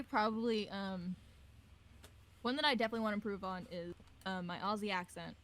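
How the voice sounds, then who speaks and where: A woman hosting a casual podcast over a voice call, chatty and quick to laugh, swearing offhandedly. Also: mid-range voice, a bit bright. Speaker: podcast host. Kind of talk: casual group chat on a call.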